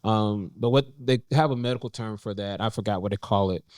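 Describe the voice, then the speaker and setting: Low-voiced man telling a story haltingly. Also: darkish tone, dry recording, clean studio sound. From North Carolina, USA. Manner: halting, many fillers and restarts, voice lifts when quoting himself. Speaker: podcast co-host sharing a personal story. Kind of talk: casual heartfelt conversation. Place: indoors in a cafe.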